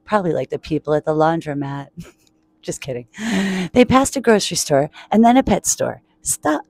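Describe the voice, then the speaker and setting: Playful woman reading a kids' book aloud, kept quiet, lowish voice, dry close mic. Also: big pitch swings, a little fast, no room sound. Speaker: children's book reader. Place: public laundromat.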